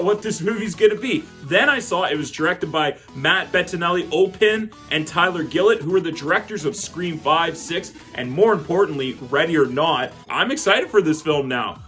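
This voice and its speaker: An enthusiastic man talks through a movie review in a relaxed, chatty way, laughing as he goes. His voice sits a little higher than most men's, and faint music plays underneath. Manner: excitable and chatty, laughs often. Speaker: film reviewer.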